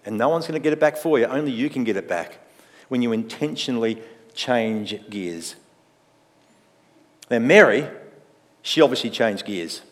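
A pastor delivers a sermon in a measured, reflective way, pausing to put rhetorical questions to his listeners. His voice sits at an ordinary middle pitch. It carries a long reverb from a church hall. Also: animated.

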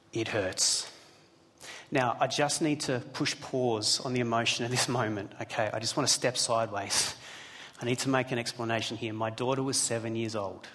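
A man's voice: mid-range voice, fairly bright tone. A man preaching a sermon to a live congregation, telling a personal story with asides to the listeners. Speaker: pastor. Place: church hall with a live congregation. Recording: long hall reverb.

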